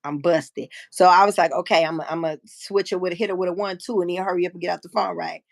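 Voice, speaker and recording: A woman in her fifties hosting a live stream, telling a personal story in a frank, profane, animated way and acting out what people said. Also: fairly low pitch, quick pace, creaky, dry recording. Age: 50s. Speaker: livestream host. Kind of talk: casual storytelling chat.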